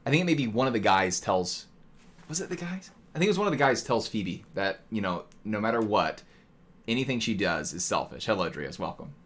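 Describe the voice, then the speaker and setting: A man's voice: fairly low pitch, lively intonation, brisk, fairly bright tone. A man casually explaining economics to a live chat, asking "right?" often and now and then slipping into mock voices. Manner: talkative, rhetorical "right?" tags, mock voices. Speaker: streamer teaching economics.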